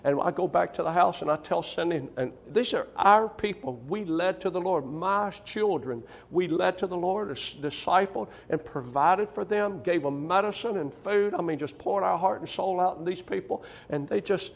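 This missionary preaches his testimony to a congregation in a creaky voice that sits high, moving at a moderate pace with few pauses. The highs are cut off. His style is folksy and emphatic, and he keeps saying "I'm telling you" to drive points home.

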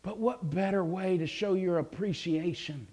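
A male preacher telling a Bible story, repeating words as he builds to fervent shouting. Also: high-pitched, normal speed. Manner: stammering repetitions, swelling into fervent shouts. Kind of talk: sermon.

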